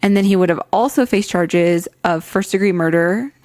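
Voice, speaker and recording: A young woman co-hosting a casual true-crime podcast, chatty and quick to laugh. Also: on the low side, a little mellow, no echo. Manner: chatty, laughs often, hedges playfully. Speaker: podcast co-host.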